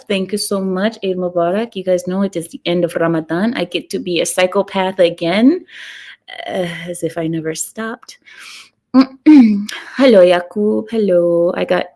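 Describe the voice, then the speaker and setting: Woman livestream host, sarcastic deadpan humor, a bit of vocal fry, casual chat with viewers. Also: mid-range voice. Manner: sarcastic, deadpan provocative joking.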